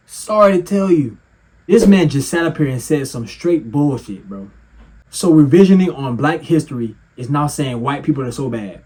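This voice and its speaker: A man giving heated reaction commentary with a mocking, animated manner, swearing and laughing often. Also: a little high, normal speed, breathy edge.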